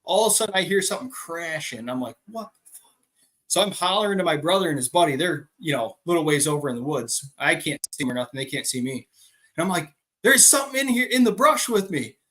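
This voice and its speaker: A man's voice: a little high, bright, forceful tone. A man co-hosting a casual farm podcast, telling a story animatedly and acting out quotes. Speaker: podcast co-host.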